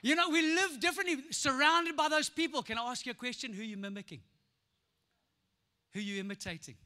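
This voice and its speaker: High, bright South African pastor preaching. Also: male voice, brisk. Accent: South African English. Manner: animated and playful, acts out voices, laughs often. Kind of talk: lively sermon. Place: church auditorium. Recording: echoey church hall.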